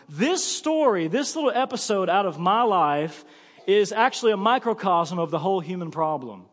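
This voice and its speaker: High-voiced pastor in reverberant church. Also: male voice. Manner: storytelling, animated, joking. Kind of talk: sermon. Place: church sanctuary. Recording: long church-hall reverb.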